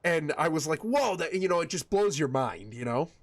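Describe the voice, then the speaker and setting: A man with a Michigan accent and a slightly raised pitch talks casually with his stream chat while he games. He rambles from thought to thought and often backs up to restart a sentence. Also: expressive, brisk, creaky, no room sound. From West Michigan. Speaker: game streamer.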